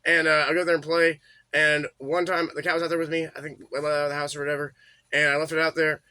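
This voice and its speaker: A man's voice: on the high side, level tone, quick pace, sharp tone, clean tone, no room sound. A man co-hosting a podcast, telling a crude, rambling anecdote in casual chat. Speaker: podcast co-host.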